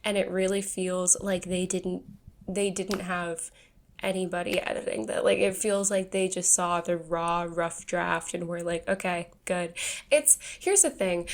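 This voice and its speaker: A young woman talks through a book review in loose, rambling chat. She laughs often and leans on fillers, with a voice of ordinary middle pitch. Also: slight background noise. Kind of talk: casual chat.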